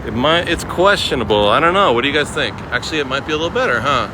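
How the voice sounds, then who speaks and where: A man's voice: mid-range voice, animated, fast. A man hosting a casual live-stream walking tour outdoors, chatting to viewers and greeting them by name. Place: outdoors on a city waterfront promenade. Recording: outdoor city noise with traffic.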